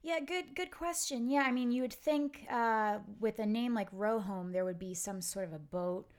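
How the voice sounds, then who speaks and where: A woman's voice: a little high, moderate pace. A woman hosting a podcast, telling a family story in a rambling, casual way full of fillers and asides. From Pennsylvania. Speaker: podcast host.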